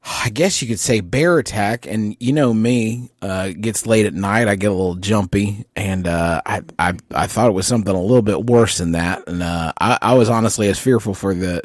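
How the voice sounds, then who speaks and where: A man playing a rambling male park ranger who keeps stammering and filling his pauses with uh. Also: sits low, no room sound, studio quality. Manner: halting, stammering, lots of fillers.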